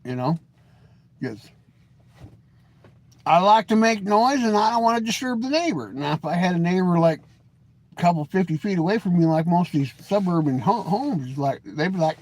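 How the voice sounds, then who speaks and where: A man's voice: moderate pace, pauses often. A man from the Pacific Northwest hosting a casual, rambling live stream, folksy and joking, calling himself grumpy. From Washington state. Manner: lively pitch swings, mimics voices in anecdotes.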